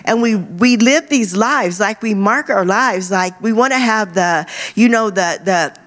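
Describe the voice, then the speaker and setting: A woman pastor preaches to her church in a conversational, playful way. Her voice sits at a middle pitch. She drops in lively asides and jokes as she goes. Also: measured pace. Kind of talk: sermon. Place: church stage.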